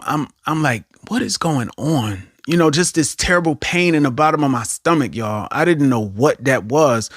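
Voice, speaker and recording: A man preaching an online sermon, animated, repeating phrases for emphasis and often checking in with "right?". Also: on the high side, no room sound, clean studio sound.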